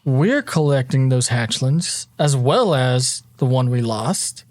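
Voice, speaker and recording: A game master voicing a smug, scheming creature dealer in a tabletop game, slow and persuasive. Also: mid-range voice, expressive, darkish tone, dry recording, pitched below the performer's own voice.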